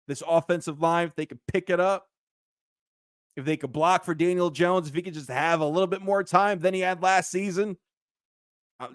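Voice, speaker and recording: A man hosting a casual sports talk show, animated and emphatic, often repeating his points. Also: high voice, no echo, clean studio sound.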